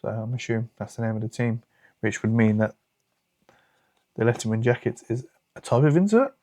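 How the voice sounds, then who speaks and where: Opening cards in a laid-back video, the British host from the United Kingdom chats and mutters asides under his breath. He speaks at medium pitch, fairly quickly and expressively, with a slightly mellow quality and no audible room sound.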